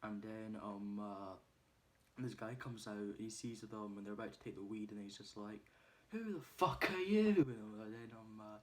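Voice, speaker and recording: A man speaking at a normal pace in a low, level tone gives a casual spoiler review of a movie. He rambles through the plot with lots of ums and uhs, loudly acting out quoted lines as a movie reviewer.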